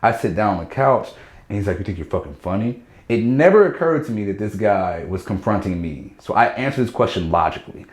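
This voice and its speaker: In a casual storytelling chat, a guest comedian with a low-pitched voice races through an anecdote, animatedly imitating the people he quotes. An echoey room surrounds the sound.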